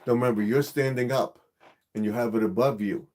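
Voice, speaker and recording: A man's voice: mid-range voice, steady tone, fairly quick, a little mellow. A man hosting a gardening channel's live stream, explaining equipment in a casual, repetitive way with many fillers.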